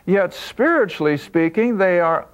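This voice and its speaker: A man teaching a Bible study lesson, emphatic and slowing down to stress key points. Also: sits high, expressive.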